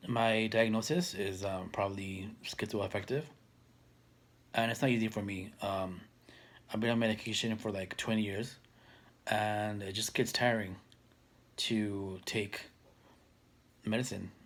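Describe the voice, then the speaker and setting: Hesitant guy in his 30s vlogging, lots of ums, kinda low voice, trails off soft. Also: fairly even intonation, a little slow, long pauses. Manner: hesitant, many fillers and restarts; soft-spoken, trailing off quietly. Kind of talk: casual talk to camera.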